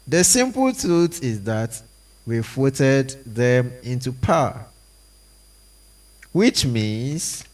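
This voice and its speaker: A man reading a stage play aloud, voicing every part and the stage directions in a slow, deliberate way. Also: mid-range voice.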